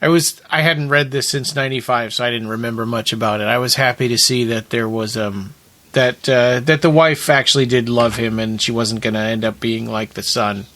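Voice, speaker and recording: Halting man in casual podcast chat. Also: mid-range voice, fairly even intonation, fairly bright tone. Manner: short agreeing replies, halting restarts. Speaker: podcast co-host.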